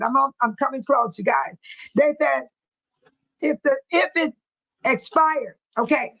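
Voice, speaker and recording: A woman's voice: high-pitched, fairly bright tone, low-quality recording. A woman hosting a live chat, reading viewer comments aloud and often breaking into laughter, speaking in a folksy, churchy way. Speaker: livestream host.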